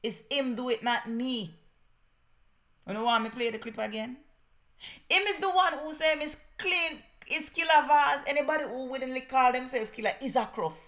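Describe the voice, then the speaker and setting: A woman's voice: high-pitched, fairly even intonation, moderate pace, a bit bright. A woman with a Jamaican accent giving heated political commentary, scornful and mixing patois with English.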